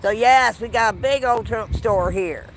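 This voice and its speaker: A folksy woman drawls slowly through a casual shop vlog, recorded on a handheld phone. She keeps exclaiming and gushing as she goes, with faint shop ambience behind her. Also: fairly high pitch, slight background noise. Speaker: vlogger. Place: indoor shop.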